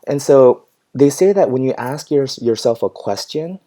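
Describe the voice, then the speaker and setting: A man vlogging about his business in casual chat, reading viewer comments and answering them in a reflective, encouraging way with frequent ums and soft laughs. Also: mid-range voice, animated, normal speed. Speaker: pet groomer vlogger.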